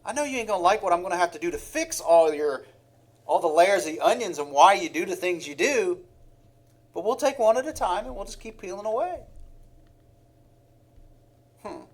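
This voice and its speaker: A man's voice: sits high, animated, normal speed, long pauses. A man preaching a sermon in a heartfelt way, with sighs and acted-out examples.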